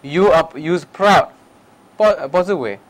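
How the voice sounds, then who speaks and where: High-voiced man teaching meditation. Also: normal speed, rough recording. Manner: simple broken English, short repeated phrases; questions the listeners directly. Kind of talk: public talk on meditation.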